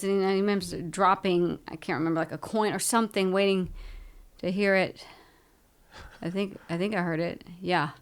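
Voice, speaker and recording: A woman from Louisiana, a guest actress and producer, telling lively, chatty stories with frequent laughter in a casual interview. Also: fairly low pitch, brisk, smooth. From Louisiana, United States.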